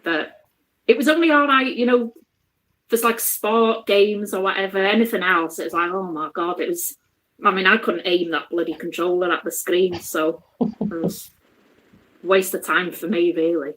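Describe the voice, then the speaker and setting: A woman's voice: fairly low pitch, moderate pace, fairly bright tone. A woman guesting on a game live stream, chatting bluntly and swearing casually.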